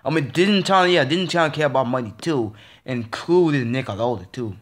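A man's voice: mid-range voice, expressive, a little fast. Annoyed guy venting on his vlog, keeps repeating and tripping over words. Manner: frustrated and repetitive, stammering restarts. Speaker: vlogger. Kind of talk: ranting casual monologue.

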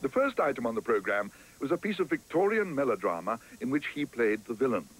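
A man narrating a storybook cartoon in a gentle, expressive reading style. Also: mid-range voice, fairly quick, breathy edge, poor audio.

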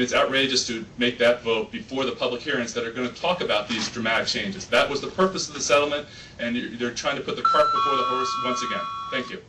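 Man, public commenter, racing pace, bright tense tone, technical testimony. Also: medium pitch. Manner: rapid, urgent, technical read-out statement. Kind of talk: public testimony at a board meeting. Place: public meeting room. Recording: distant mic, faint room noise.

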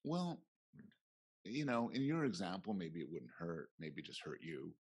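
A man's voice: sits low, big pitch swings, unhurried, darkish tone, breathy edge. A middle-aged man, a professor, talking reflectively in a conference interview and acting out little quoted exchanges. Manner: reflective, acts out quoted voices. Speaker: guest professor.

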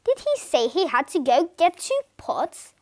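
A woman reading the lines of a fussy, sharp-tongued elderly wife in a storybook, with a sharp, indignant manner. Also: sits high, big pitch swings, measured pace. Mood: chatty.

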